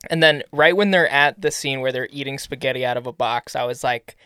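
An animated young man in his twenties steers a casual film discussion, laughing often. His voice is smooth and resonant. The sound is close and dry. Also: on the high side, a little fast, few pauses, no echo. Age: 20s. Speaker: podcast co-host.

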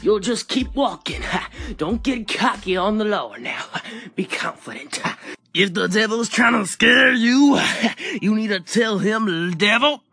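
A man's voice: high voice, animated, drawn-out words, gravelly, hardly any pauses, slightly rough, voice pushed up, full character voice. A young man putting on a laughing revival preacher. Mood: rousing. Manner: breaks into laughter while preaching; rising, shouting delivery. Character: fiery male preacher at a revival. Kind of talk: mock sermon.

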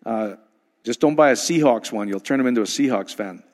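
A man's voice: mid-range voice, brisk, big-room sound. A man hosting an online teaching, talking in a folksy, rambling way with frequent restarts. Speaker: preacher and podcast host. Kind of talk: casual spoken teaching.

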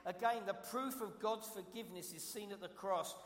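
London guest pastor, high voice, emphatic preaching style, big reverberant church sound. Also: male voice, moderate pace, fairly bright tone. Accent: London English. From London, England. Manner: emphatic, repeats key phrases, asks the congregation questions. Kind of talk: preaching a sermon. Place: church sanctuary. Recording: echoey hall, long reverb.

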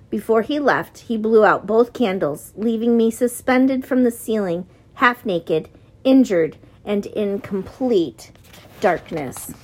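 A woman narrating a novel in the first person, in measured storytelling. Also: mid-range voice, darkish tone, slightly rough. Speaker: audiobook narrator.

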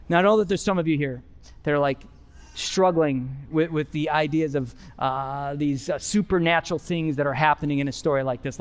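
A pastor preaching a conversational sermon in church, with rising emphasis on his key points. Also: sits high. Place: church sanctuary.

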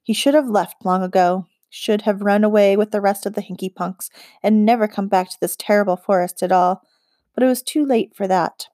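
A woman narrating a children's fantasy audiobook in an even, expressive storytelling voice. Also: mid-range voice, normal speed, dry recording, clean studio sound. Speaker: audiobook reader.

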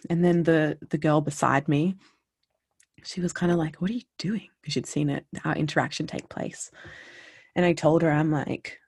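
Casual anecdote teller, rambling with fillers, creaky low edges, dead-dry sound. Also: level tone, moderate pace, no room sound. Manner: chatty, with many fillers and restarts. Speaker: storyteller. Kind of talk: personal anecdote told casually.

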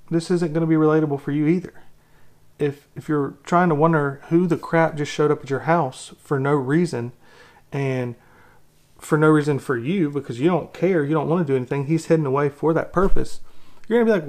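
A man's voice: a little high, normal speed, darkish tone. A man giving an opinionated movie critique, exasperated and ranting, with lots of rhetorical questions. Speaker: film critic.

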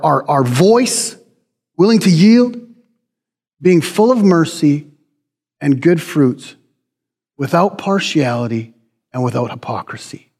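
A man's voice: on the high side, a little mellow, husky. A man preaching a sermon in a conversational, folksy, self-deprecating way. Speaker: pastor. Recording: preached in a hall with long reverb.

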